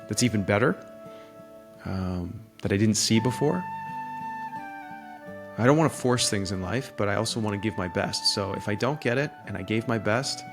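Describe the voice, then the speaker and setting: Soft-spoken man musing over his goals. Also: on the low side. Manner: reflective, hesitant, many fillers. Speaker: co-host. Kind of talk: casual live-stream coaching chat.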